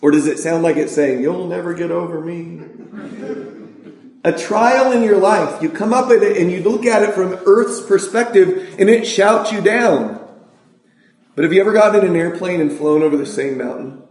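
High-pitched guy preaching, lots of questions to the crowd, roomy echo. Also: lively intonation, darkish tone. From California. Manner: asks the congregation rhetorical questions, recites scripture slowly. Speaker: pastor. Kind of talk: sermon.

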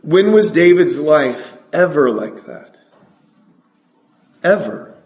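A man from California preaching a sermon, asking the congregation questions and reciting scripture slowly. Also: on the high side, lively intonation, a little mellow, echoey room. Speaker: pastor.

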